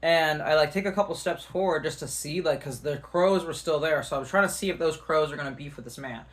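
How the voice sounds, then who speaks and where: A fairly high-voiced man tells a tense personal story straight to camera. He talks in a lively, animated way, peppered with fillers and the odd curse word. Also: fast talker. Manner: animated, swearing, many fillers. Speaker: vlogger.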